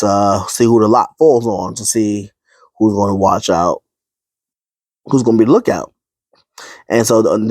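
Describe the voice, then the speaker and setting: A man with a lowish voice retells a movie plot in a loose, rambling way. He fills the gaps with ums and starts his sentences over. The sound is close and dry. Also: a little mellow, no room sound. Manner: rambling, many fillers. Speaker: vlogger. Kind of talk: casual movie recap.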